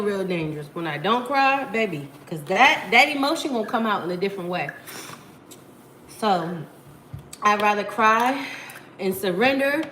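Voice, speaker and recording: A woman's voice: mid-range voice, fairly bright tone, slight background noise. Tired thirty-something woman chatting candidly. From Virginia. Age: 30s. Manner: candid, slangy, talks straight to chat. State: tired after crying. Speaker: livestreamer reading viewer comments. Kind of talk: casual live stream chat.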